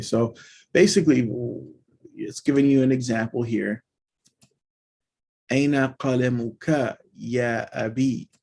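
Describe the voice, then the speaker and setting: A man casually teaching a language lesson, reading example sentences aloud and then explaining them in a relaxed, informal way. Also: medium pitch, vocal fry.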